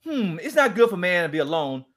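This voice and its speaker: A man speaking as a guest, telling a story in a lively, preacher-like way and acting out the quoted dialogue. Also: sits high, brisk. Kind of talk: animated storytelling talk.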